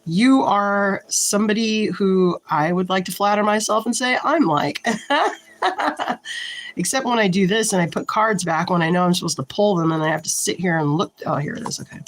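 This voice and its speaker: In this low-quality clip with slight background noise, a tarot reader with a mid-range voice gives a casual reading to camera. Her pace is slow and halting as she thinks out loud while shuffling and pulling cards, and her tone is frank and mildly irritated.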